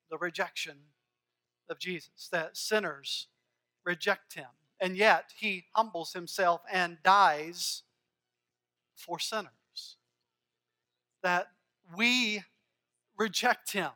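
A man's voice: high-pitched, slow, pauses often, pushed and bright. A man preaching a sermon as pastor, earnest and emphatic, building his points through rhythmic repeated phrases.

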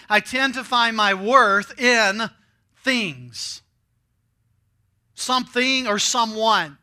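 A man preaching a sermon, emphatic and repetitive, with slowed phrases and dramatic pauses. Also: high voice, pushed and bright. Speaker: pastor.

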